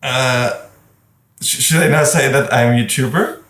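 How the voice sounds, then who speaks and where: A man's voice: mid-range voice, a little slow, a bit bright. A man, a wedding photographer guest, telling stories in casual podcast chat and laughing as he talks. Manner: storytelling, chatty, laughs while talking. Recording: roomy and distant from the mic.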